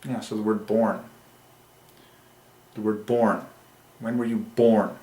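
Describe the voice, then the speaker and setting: A man hosting a religious numerology channel, speaking in an excited monologue that swings between rapturous bursts and quiet musing. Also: on the low side, slow, roomy sound.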